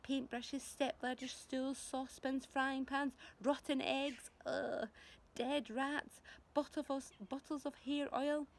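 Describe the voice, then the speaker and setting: A woman teacher reading a children's book aloud, expressive, with dramatic pauses. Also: on the high side. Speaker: primary school teacher.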